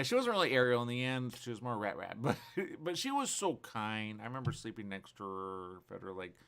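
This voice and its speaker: This morning talk show host rambles through casual studio chat, telling animated stories built on playful hypotheticals. He has a gravelly voice on the low side.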